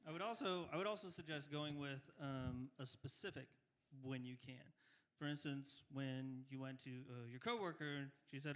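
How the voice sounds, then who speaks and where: A man giving measured advice on a speech and suggesting concrete details. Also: mid-range voice, fairly bright tone. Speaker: workshop evaluator. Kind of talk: spoken feedback.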